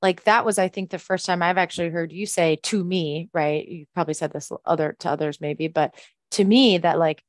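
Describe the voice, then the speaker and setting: A woman hosting a podcast, asking gentle, reflective questions and holding space for her guest. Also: lowish voice, fairly even intonation, a little fast, no echo, clean studio sound. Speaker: podcast host. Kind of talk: supportive interview conversation.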